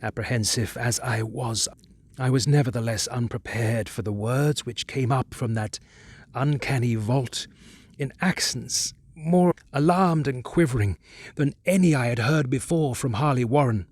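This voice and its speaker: A man narrating a horror audiobook in a measured, hushed, dramatic way. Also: mid-range voice, slightly rough, no room sound.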